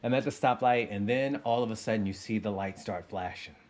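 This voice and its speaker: A man in his thirties telling a casual personal story to his listeners, animated and playing out his own inner voice. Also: lowish voice, fairly quick. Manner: animated, acts out sounds and inner voice. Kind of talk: casual anecdote told to listeners.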